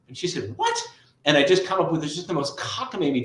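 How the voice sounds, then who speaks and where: A middle-aged man, a guest tutor and author, telling stories in a lively conversational interview and often adding "right?". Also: fairly high pitch, fast talker, echoey room, rough recording. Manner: lively, storytelling, frequent "right?" asides.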